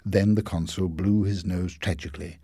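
A man reading a storybook chapter aloud as narrator, expressive and rising in the exciting scenes. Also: low-pitched, normal speed, breathy edge, no echo, clean studio sound.

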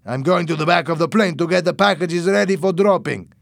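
A man doing a sharp, suspicious smuggler barking orders. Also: a little high, fairly quick, vocal fry, dry recording, studio quality, voice pushed up. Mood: angry, bossy. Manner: sharp, bossy, raised voice. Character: angry, suspicious male drug smuggler.

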